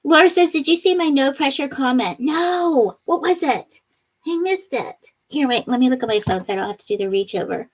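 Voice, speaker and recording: Laughing frequently, a woman reads out viewer comments and chats during a live crafting stream she hosts from her craft room at home. She has a high voice with lively intonation, speaks a little fast, and comes across as bubbly.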